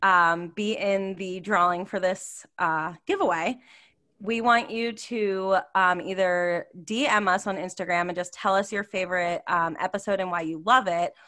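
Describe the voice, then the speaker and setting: A woman co-hosting a casual podcast chat, telling stories with lots of laughter and acting out quotes. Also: normal speed. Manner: animated, laughs often, acts out quotes in high voices. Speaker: podcast co-host.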